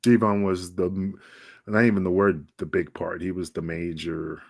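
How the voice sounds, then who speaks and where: A middle-aged man spins his stories in a fairly low voice. He jumps into the quoted lines with real energy. The sound is close and dry over a remote call. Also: normal speed, creaky, dry recording. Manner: animated, acts out dialogue with raised voice. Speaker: wrestling podcast guest. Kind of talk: casual storytelling interview. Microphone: remote video call.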